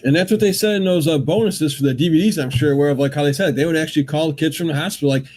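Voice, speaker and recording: Fast-talking enthusiastic male host. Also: fairly high pitch, a little mellow. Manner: enthusiastic fan talk. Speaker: podcast host. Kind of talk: casual chat.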